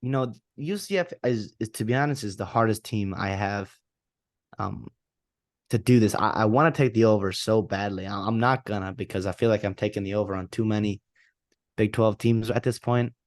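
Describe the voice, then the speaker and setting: A man with a fairly low voice co-hosts a sports podcast, rambling through his points with frequent restarts. The sound is dry and close, with little room around it. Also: moderate pace, no echo. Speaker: podcast co-host. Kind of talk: casual sports podcast chat.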